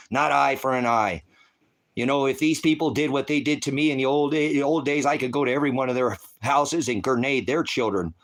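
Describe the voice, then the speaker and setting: A ministry preacher offers an emotional spoken prayer to his congregation, tearful and distraught, pleading through repeated questions. His voice is a little high and a bit bright, at normal speed.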